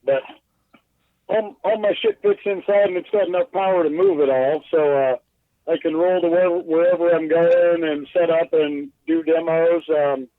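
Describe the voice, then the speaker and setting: A man speaks casually from inside his bus, loose and self-deprecating, swearing freely and stumbling through filler words. His voice sits on the higher side. The sound is thin and phone-like, dry with no room around it. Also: fairly even intonation, moderate pace, no echo. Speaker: guest glassblower. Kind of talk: casual podcast interview. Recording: tinny phone line.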